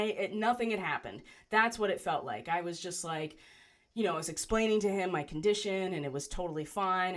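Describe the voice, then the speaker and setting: Woman telling a personal story, lowish voice. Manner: conversational, many fillers and "right?" asides. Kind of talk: personal story told to camera.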